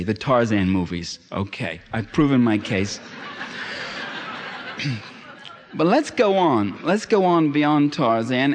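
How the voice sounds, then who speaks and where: A man giving a public lecture, emphatic and sardonic, building to impassioned climaxes. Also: medium pitch. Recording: long hall reverb.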